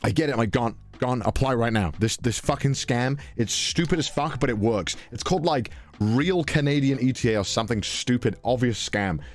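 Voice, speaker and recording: A young man from Britain tells a travel story on a podcast at a brisk clip, with soft music playing underneath. His animated telling is full of swearing, impressions of the people he met, and high-pitched exclamations.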